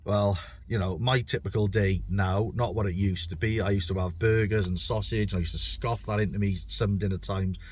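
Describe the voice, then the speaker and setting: A man's voice: on the low side, steady tone, moderate pace, few pauses, a little mellow. A middle-aged man with a British accent, a bricklayer talking through his own podcast in a chatty, rambling and self-deprecating way, often repeating words as he thinks. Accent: British English. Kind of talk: casual podcast monologue.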